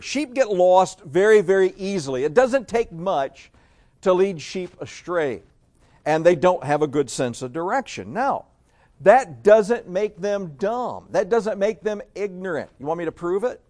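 Male pastor, slightly high voice, conversational folksy sermon delivery. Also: very animated, moderate pace, darkish tone. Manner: folksy, conversational preaching with rhetorical questions.

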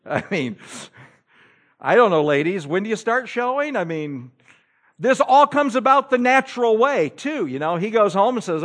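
A male pastor preaching a sermon, telling the story in an animated, humorous way. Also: extremely high pitch, normal speed.

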